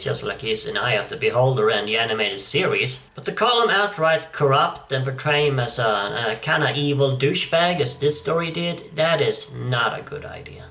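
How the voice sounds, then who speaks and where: A man's voice: mid-range voice, fairly bright tone. A man giving casual, wry commentary on a comic book, chuckling as he goes. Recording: echoey room, distant mic.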